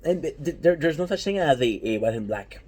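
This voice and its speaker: A man talking casually and with energy, his voice a little husky and grainy. He keeps stressing his points and asking rhetorical questions as he speaks straight to his audience. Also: fairly high pitch, fairly quick. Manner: animated, emphatic, with repeated rhetorical questions. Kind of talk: casual anime talk to viewers.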